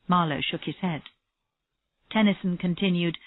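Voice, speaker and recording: Woman reading a story for english learners, slow and clear, kinda low, tinny phone sound. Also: no echo. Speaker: story reader. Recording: tinny phone-like audio, dry.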